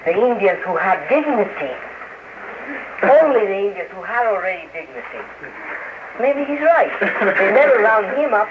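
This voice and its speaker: A man in an interview who speaks haltingly, with many restarts and fillers, heard on an old radio recording. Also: high voice. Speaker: interview guest. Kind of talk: casual interview talk. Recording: noisy lo-fi archival radio, phone-like.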